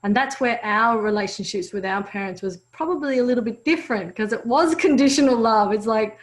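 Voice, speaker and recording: A woman's voice: on the high side, moderate pace, poor audio. A woman co-teaching a parenting course, sharing stories from home and laughing between points.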